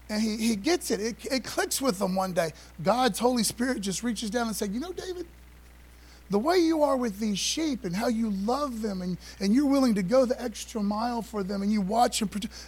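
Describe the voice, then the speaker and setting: Male pastor, high voice, easygoing preacher who talks to his congregation and asks for amens. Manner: folksy, call-and-response preaching with repeated phrases. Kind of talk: sermon. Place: church sanctuary.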